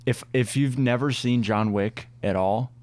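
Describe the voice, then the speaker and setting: A man's voice: medium pitch, a little slow, a little mellow. A young man co-hosting a casual movie review chat, talking enthusiastically with many fillers.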